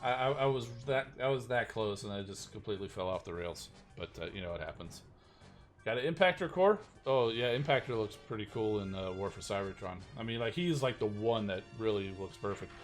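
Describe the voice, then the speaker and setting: A man's voice: lowish voice, lively intonation, a little fast, faint music behind. A man streaming a mobile game live and chatting casually, rambling and self-deprecating with lots of fillers.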